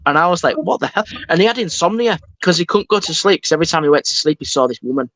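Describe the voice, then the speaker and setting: A man's voice: fairly high pitch, very fast, no echo. Man telling stories, dry close sound. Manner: animated storyteller, acts out quotes. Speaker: guest. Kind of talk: casual podcast interview.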